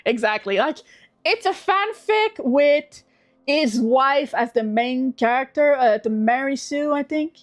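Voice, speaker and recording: A young woman hosting a livestream, chatting casually in animated, swearing rants full of restarts. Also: sits high, slow. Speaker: livestream host.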